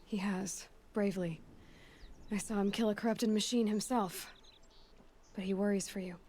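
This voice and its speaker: A woman's voice: medium pitch, steady tone, normal speed, a little mellow, lightly acted. Blunt young huntress, voiced by a woman, confident game character, light noise. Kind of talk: video game voice acting.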